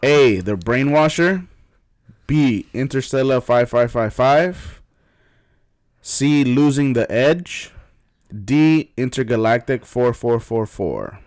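A man hosting a casual quiz among friends, playful and laughing often, reading out the answer options slowly. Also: medium pitch, expressive, a little mellow, dry recording, studio quality. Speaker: quiz host.

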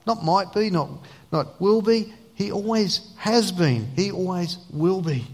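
A man preaching a sermon in an earnest, emphatic way, then praying softly. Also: on the high side, lively intonation, unhurried, hardly any pauses, big-room sound. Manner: earnest, emphatic preaching, dropping to a soft prayer voice. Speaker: pastor.

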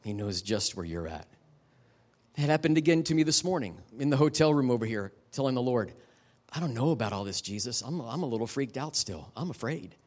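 A middle-aged man giving a guest sermon at a church service. He tells personal stories in a candid, emotional way and turns to the audience with quick asides. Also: medium pitch, lively intonation, a little mellow. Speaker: guest preacher. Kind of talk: conversational sermon ending in prayer.

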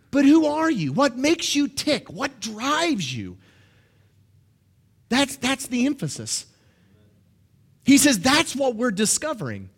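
Man, middle-aged pastor, sermon, high voice, lively swinging pitch, jokey, acts out quotes.

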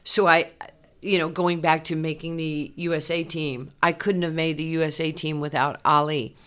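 A woman, a former athlete telling her life story in an interview, animated and laughing often. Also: sits low, normal speed. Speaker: interview guest, former basketball player. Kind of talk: candid personal storytelling.

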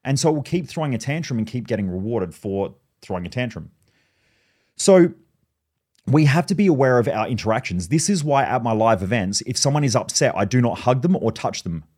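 A man hosting a podcast monologue, blunt and profane, telling animated stories. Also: mid-range voice, a little fast. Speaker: podcast host.

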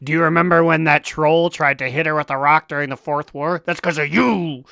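Male podcast co-host, smooth and slightly high, dry close sound, wry asides. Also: bright, forceful tone, no room sound. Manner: wry, quick jokey asides. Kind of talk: casual chat.

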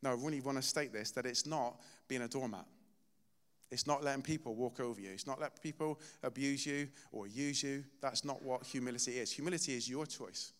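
A man delivers a relaxed, conversational sermon in a church, weaving personal anecdotes with light self-deprecating humor. His voice sits at an ordinary middle pitch and carries a long hall reverb. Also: a little fast. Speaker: preacher.

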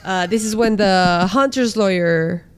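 Woman, unhurried pace, laughing, swearing, casual recap chat. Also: medium pitch, clear, resonant tone. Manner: laughs often, swears, acts out quotes.

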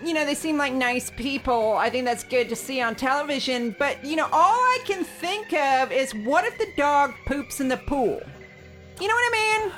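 A woman in casual podcast chat, halting with giggly hesitations. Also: sits high, expressive, fairly bright tone, soft background music. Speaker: podcast co-host.

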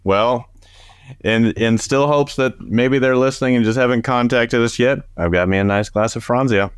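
A man's voice: mid-range voice, moderate pace, clean tone, no room sound. A man co-hosting a podcast, trading wry puns in casual chat. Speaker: podcast co-host.

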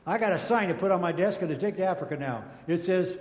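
A man's voice: high-pitched, fast, background noise. An older male pastor preaching a sermon in a folksy, joking way, calling out to his congregation. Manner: folksy, jokey preaching with call-outs to the congregation. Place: church sanctuary. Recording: echoey church hall.

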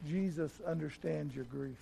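A middle-aged man preaching a sermon as pastor, telling a personal story, often repeating words and growing soft and slow at tender moments. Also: on the high side, a little hiss or hum. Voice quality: gravelly. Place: church.

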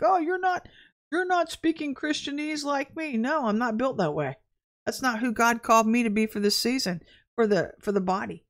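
A woman giving an informal prophetic message to her viewers, talking in an animated, emphatic way with sudden exclamations. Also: mid-range voice. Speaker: self-described prophetess.

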